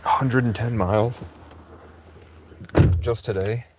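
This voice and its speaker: A man's voice: medium pitch, steady tone, takes it slowly, very noisy. A man livestreaming at a car garage, rambling and swearing, wired on energy drinks after two days awake. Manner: rambling, jittery, swears freely. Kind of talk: casual rambling livestream chat. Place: at a car service garage, outdoors.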